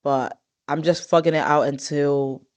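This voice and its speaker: A woman in her twenties hosting a podcast in casual chat. She talks in an expressive, rambling way, with drawn-out groans of disgust. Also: sits low. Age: 20s. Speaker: podcast host.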